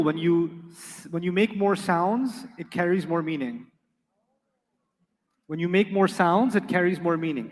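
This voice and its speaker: A man's voice: high voice, big-room sound. A man teaching Arabic grammar to a class, emphatic, repeating key points and quizzing his students.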